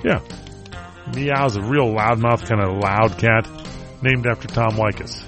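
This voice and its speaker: A man's voice: lowish voice, measured pace, fairly bright tone, soft background music. A man hosting a talk radio show, chatting casually and joking about entertainment news. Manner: wisecracking, rambling.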